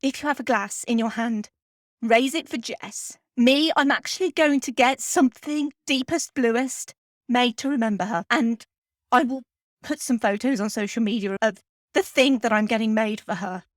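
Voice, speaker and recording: A woman hosting a film podcast, talking in an earnest, heartfelt way with pauses while close to tears. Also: on the high side, no room sound. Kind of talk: heartfelt spoken podcast tribute.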